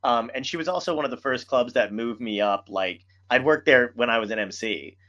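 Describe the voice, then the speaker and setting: Male podcast host, casual storyteller, salty language, average pitch, slightly dull recording. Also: fairly quick. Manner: animated storyteller, swears a lot. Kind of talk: casual chat.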